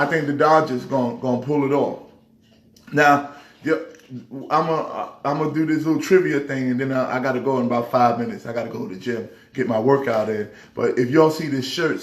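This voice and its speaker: Emphatic man ranting about sports. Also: mid-range voice. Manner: emphatic, rambling trash talk. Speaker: pastor and sports vlog host. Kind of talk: casual sports chat to camera. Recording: echoey room.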